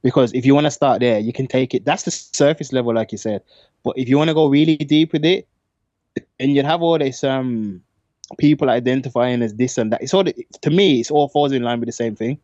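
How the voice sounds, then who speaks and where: A man joins the talk quickly, with lots of restarts as he jumps in. His speech is fast. The audio sounds dull and dry, like a remote connection. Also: mid-range voice, mellow, no echo. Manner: quick, halting, restarts often. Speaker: podcast co-host. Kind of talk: casual discussion.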